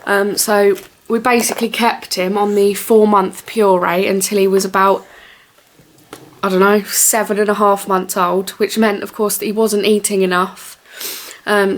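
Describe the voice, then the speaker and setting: A woman's voice: mid-range voice, level tone, moderate pace. A young woman chatting casually to camera at home, rambling with lots of fillers. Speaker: vlogger.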